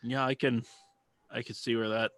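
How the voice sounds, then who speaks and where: A man's voice: mid-range voice, level tone, moderate pace, fairly bright tone, dry recording. A man co-hosting a car podcast in casual chat, laid-back and profane, often trailing off and restarting. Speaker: podcast co-host. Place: home basement.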